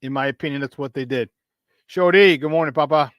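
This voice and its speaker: A man hosting a morning sports show, talking in a quick, slangy rush. His voice sits a bit high for a man and comes through dry and close-miked. He stays lively, greets chatters by name, and laughs easily between points. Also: no room sound. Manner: energetic, slangy, greets chat viewers by name, laughs often. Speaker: sports talk show host. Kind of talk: casual morning sports chat.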